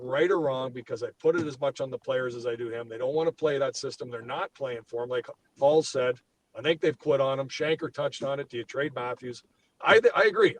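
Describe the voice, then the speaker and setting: A man's voice: mid-range voice, slight background noise, poor audio. A man co-hosting a sports podcast, ranting heatedly and swearing as he gets worked up. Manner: fired up, swears freely, ranting. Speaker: podcast co-host.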